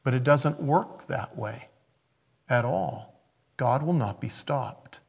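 A male pastor with a gravelly, fry-laced voice at a middle pitch, delivering a sermon. He preaches conversationally, pushing up into loud emphatic bursts and then dropping to hushed, near-whispered asides. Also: expressive, slow pace.

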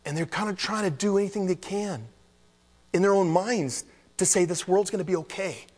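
Animated male pastor in a reverberant hall. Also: normal speed. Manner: animated, jokey, mimics people in high mock voices. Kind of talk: conversational sermon.

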